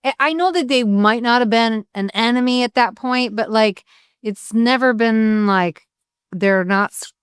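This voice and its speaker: A woman's voice: a little high, a little slow, clear, resonant tone, dry recording, studio quality. A woman hosting a podcast, chatting casually and cutting in with blunt, joking questions. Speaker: podcast host. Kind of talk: casual interview chat.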